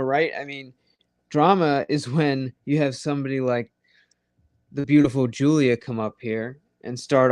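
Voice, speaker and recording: A man's voice: mid-range voice, dry recording, clean studio sound. A man hosting a live late-night audio chat room, rambling and swearing freely as he talks straight to his listeners. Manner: profane, rambling and conversational.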